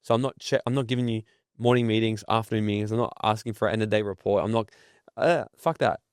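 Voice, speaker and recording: A man's voice: lowish voice, little pitch movement, rapid-fire, clean tone, dry recording, studio quality. An entrepreneur speaking as a podcast guest, blunt and profane, telling stories to make his points. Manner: blunt, swears freely, tells stories. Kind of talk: casual podcast interview.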